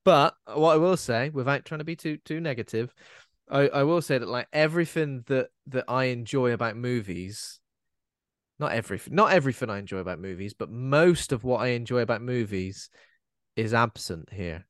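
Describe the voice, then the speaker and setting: A man's voice: medium pitch, normal speed, no room sound, studio quality. Chatty man reviewing films on a podcast. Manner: rambling, self-correcting, jokey, animated when quoting. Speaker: podcast co-host, film critic. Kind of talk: casual film review chat.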